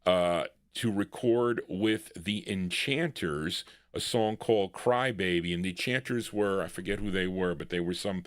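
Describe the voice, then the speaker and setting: Low-voiced rambling oldies DJ man. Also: measured pace, hardly any pauses, dry recording, studio quality. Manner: rambling, self-interrupting, lots of fillers. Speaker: radio-style show host and DJ. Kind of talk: live oldies record show patter.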